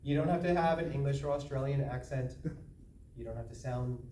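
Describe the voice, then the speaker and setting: A man's voice: medium pitch, a little fast, dark tone. Distant echoey man leading a workshop. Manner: conversational, joking, earnest. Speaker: workshop presenter. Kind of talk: speaking-skills training talk. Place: room with a small group. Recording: echoey room, from far off, background noise.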